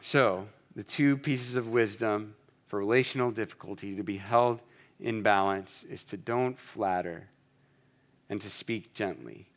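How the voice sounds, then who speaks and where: A married man preaching a sermon, speaking earnestly and directly with quick repeated restarts. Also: lowish voice. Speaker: pastor.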